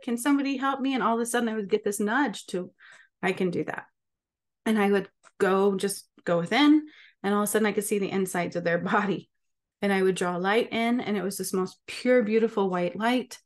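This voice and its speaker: A woman speaking casually and emphatically to camera as a spiritual healer, often checking in with her listeners. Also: mid-range voice. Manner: emphatic, with frequent rhetorical check-ins. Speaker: spiritual healer and channel host.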